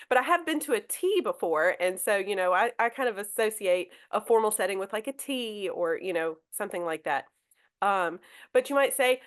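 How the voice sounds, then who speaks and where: Chatty upbeat woman teaching manners. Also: mid-range voice. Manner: chatty and upbeat, many fillers and restarts. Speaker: teacher hosting a manners podcast. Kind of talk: casual classroom talk.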